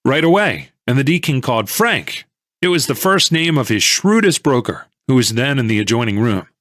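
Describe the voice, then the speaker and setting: A man narrating an audiobook in first person, measured and conversational. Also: mid-range voice, a bit bright, no echo, studio quality.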